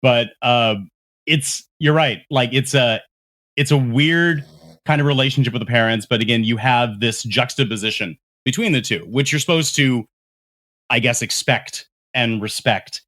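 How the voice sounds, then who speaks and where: A man's voice: mid-range voice, moderate pace, fairly bright tone. Man gathering his thoughts on movies. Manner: hesitant starts, repeats words while gathering thoughts. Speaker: podcast co-host. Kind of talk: casual movie review chat.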